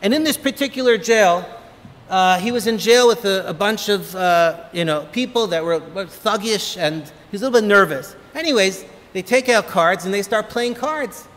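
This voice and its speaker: A man, a rabbi, giving an inspirational holiday talk full of lively, humorous stories. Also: sits high, moderate pace. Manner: animated, humorous storyteller. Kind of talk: motivational holiday talk with storytelling. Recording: long reverb of a hall.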